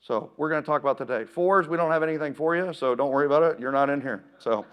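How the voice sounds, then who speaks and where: A man giving a keynote talk at a live seminar, energetic and playful, calling out to the audience and getting them to join in. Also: fairly high pitch, fast talker, smooth. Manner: energetic, playful, calls out to the crowd. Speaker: keynote speaker. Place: event room with a live audience.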